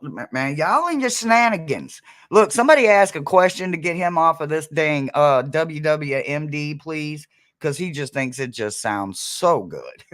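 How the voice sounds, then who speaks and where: A man's voice: a little high, fairly bright tone. A man hosting a casual livestream as a psychic medium, chatty and laughing often as he talks to his viewers.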